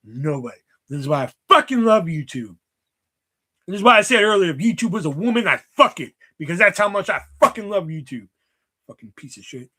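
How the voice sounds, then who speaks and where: A man's voice: high-pitched, animated, fairly quick, sharp tone. A man hosting a livestream, chatting casually about movies in a rambling, sarcastic way full of swearing. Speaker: livestream host.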